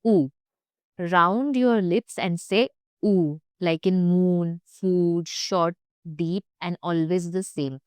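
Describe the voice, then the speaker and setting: A woman's voice: on the low side, steady tone, slow pace, smooth, dry recording. A young woman teaching German pronunciation, speaking carefully and repeating each sound for learners. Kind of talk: pronunciation lesson.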